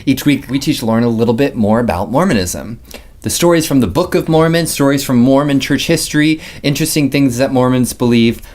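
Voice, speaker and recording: A man co-hosting a casual podcast, easygoing and quick to laugh, often trailing off into fillers. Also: mid-range voice, a little mellow. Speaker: podcast co-host.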